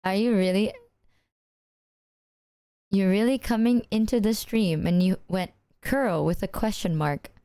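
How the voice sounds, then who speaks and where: A woman's voice: mid-range voice, a little slow, long pauses, warm tone, clean tone, no room sound, clean studio sound. A woman streamer chatting casually with her viewers in a loose, rambling way, full of filler words and swearing.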